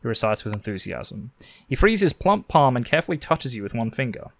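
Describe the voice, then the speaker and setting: A man's voice: mid-range voice, big pitch swings, a little fast, creaky, a bit bright, no echo. An Australian man reading a story game's text aloud and making sarcastic jokes between lines. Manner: sarcastic, joking. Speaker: game streamer.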